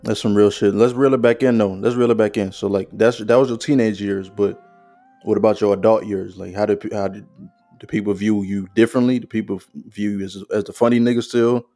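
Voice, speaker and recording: A man with a low, mellow voice asks relaxed follow-up questions in casual podcast chat, using plain slang. The sound is dry and close, with faint music underneath. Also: a little fast, dry recording. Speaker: podcast co-host.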